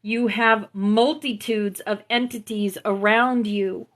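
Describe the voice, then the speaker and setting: A woman hosting a spiritual live stream, gently affirming her viewers and reading out teachings through a phone mic. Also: mid-range voice, fairly even intonation, slow pace. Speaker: spiritual livestream host. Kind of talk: spiritual livestream talk to viewers.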